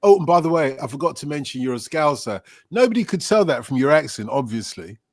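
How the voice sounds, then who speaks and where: A man's voice: on the high side, lively intonation, fast talker, no echo. A man hosting a podcast in a casual, chatty way, laughing often and wandering off on tangents. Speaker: podcast host. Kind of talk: casual chat.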